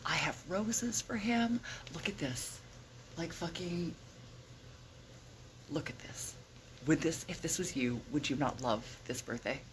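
A woman vlogging at home in a hushed, excited whisper, swearing casually as she shows things off. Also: low voice, measured pace, pauses often, slight background noise. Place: indoors at home.

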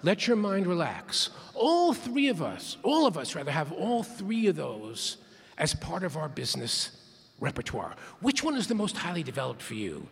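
A man's voice: on the high side, huge pitch swings, moderate pace, creaky, breathy edge. A man giving a playful keynote talk, leading the audience in call-and-response counts in a large conference hall. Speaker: keynote speaker. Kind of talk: interactive plenary talk.

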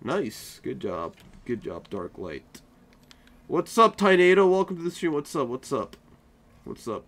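A man's voice: medium pitch, sharp tone. A tired young man chatting casually with viewers while he plays a live game stream, joking and defending himself. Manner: drowsy, playfully defensive banter.

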